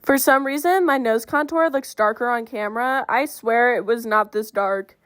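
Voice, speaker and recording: A woman's voice: fairly high pitch, moderate pace, a bit bright, dry recording, clean studio sound. A young woman with a Southern Californian accent, chatting casually through a makeup tutorial voiceover and using "like" a lot. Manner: chatty, filler-heavy with "like". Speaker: makeup vlogger.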